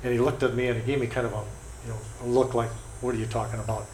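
Man, middle pitch, hesitant storytelling, echoey room, faint background noise. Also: little pitch movement, rapid-fire, a little mellow. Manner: hesitant, many fillers and restarts. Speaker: photographer telling stories. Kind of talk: casual storytelling.

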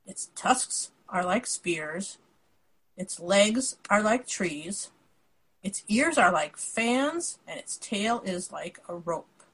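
A woman reading a wise, gentle storybook prince. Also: mid-range voice, expressive, slow pace, slightly rough, full character voice, poor audio.

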